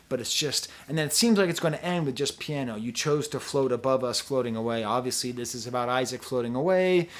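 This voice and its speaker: A man casually reviewing a concert video song by song, rambling and often breaking off mid-sentence. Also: on the high side. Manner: rambling, digressive, self-interrupting. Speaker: music reviewer.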